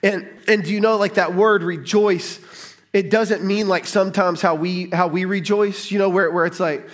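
A middle-aged man preaching a sermon to a church congregation, casual and joking, building to excited emphasis. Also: high voice, normal speed. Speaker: pastor.

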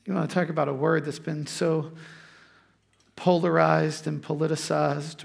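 A man's voice: a little high, fairly even intonation, moderate pace, creaky. A man preaching, telling a personal story in a conversational way before turning to scripture. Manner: conversational storytelling, frequent restarts. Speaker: pastor.

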